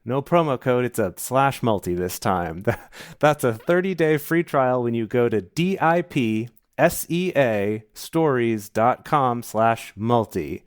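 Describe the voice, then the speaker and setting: A man co-hosting a podcast, reading sponsor offers in a brisk, wry way. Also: medium pitch, expressive, smooth, no echo. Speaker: podcast co-host. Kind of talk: podcast ad reads.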